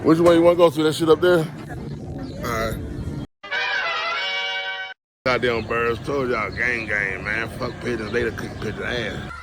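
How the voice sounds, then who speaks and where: A man filming a casual comedy vlog outdoors on a city street, joking loudly, swearing and laughing as he talks. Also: medium pitch, normal speed, long pauses, over music. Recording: noisy street recording.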